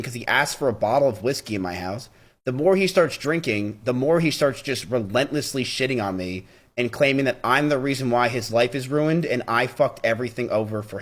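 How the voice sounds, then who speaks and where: A young man talks to his stream in a casual, blunt way and swears often. His voice sits at an ordinary middle pitch. He tells the story in a heated, rapid flow and acts out the quoted lines. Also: a bit bright. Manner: blunt, profane, heated retelling with quoted dialogue.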